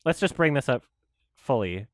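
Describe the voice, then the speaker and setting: A man's voice: medium pitch, lively intonation, normal speed, no echo, studio quality. A man who hosts an online commentary show, ranting in frustration, swearing and talking in bursts. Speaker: YouTube commentator.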